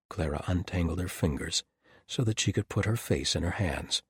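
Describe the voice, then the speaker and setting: Deep husky guy narrating an audiobook, steady, dry close mic. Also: moderate pace, dry recording. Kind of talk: scripted narration.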